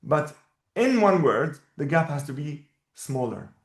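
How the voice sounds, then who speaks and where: Male teacher, slightly high voice, patient and explanatory; echoey room. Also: very animated. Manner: patient, explanatory, repeats words slowly. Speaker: Arabic teacher. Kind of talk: one-on-one language lesson.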